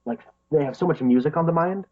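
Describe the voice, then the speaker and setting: An eager man talks through a film with a co-host, tumbling over fillers and laughing between thoughts. His voice is a little husky, and the audio is dull and lo-fi. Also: fairly high pitch, fast talker. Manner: enthusiastic, laughs often, many fillers. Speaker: podcast co-host. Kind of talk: casual film discussion.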